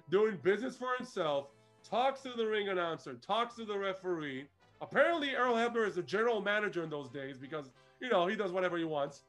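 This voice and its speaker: A man co-hosting a podcast who retells a show in animated, casual chat and laughs often. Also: high-pitched. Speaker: podcast co-host.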